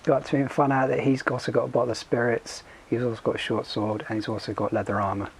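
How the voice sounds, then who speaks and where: A man's voice: mid-range voice, little pitch movement, quick pace, a little hiss or hum. A young man narrating a tabletop game as game master, laid-back and giggling often.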